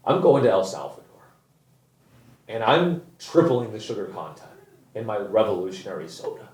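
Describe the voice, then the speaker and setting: A man imitating a self-important woman startup founder in a hushed, mock-earnest voice. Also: on the low side, very animated, normal speed, pitched below the performer's own voice. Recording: echoey room, botched audio.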